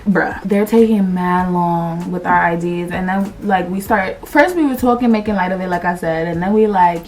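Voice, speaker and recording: A young adult woman telling a storytime on her vlog, animated and slangy, swearing freely and acting out what people said. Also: on the low side, moderate pace, hardly any pauses, recorded from a distance. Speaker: vlogger. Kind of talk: casual storytime.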